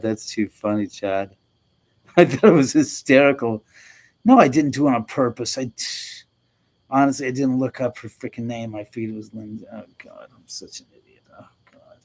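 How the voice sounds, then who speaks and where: A man's voice: mid-range voice, darkish tone, a little hiss or hum, rough recording. A middle-aged man hosting a casual livestream, chatting with viewers, laughing often and swearing freely. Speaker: livestream host. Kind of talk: casual livestream chat reading comments.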